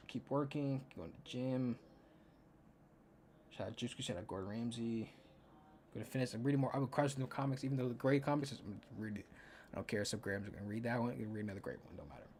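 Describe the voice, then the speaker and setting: A man's voice: mid-range voice, a little mellow, a little hiss or hum. Rambling young man hosting a podcast. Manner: rambling, profane, counts aloud to himself. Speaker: podcast host. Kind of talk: casual solo podcast chat.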